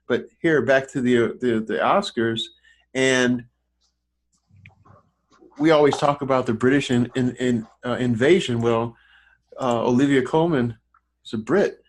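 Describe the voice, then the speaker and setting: A man's voice: medium pitch, a little slow, pauses often. A man who works as an online film critic, chatting casually about films with many false starts and repeated words. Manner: rambling with many restarts. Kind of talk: casual podcast film discussion.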